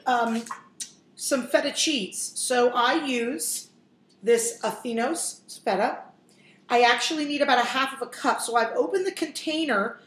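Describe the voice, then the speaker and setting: Chatty woman cooking in an echoey kitchen. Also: high voice. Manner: chatty, jokey, talks straight to viewers. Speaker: cooking show host. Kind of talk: casual cooking demonstration.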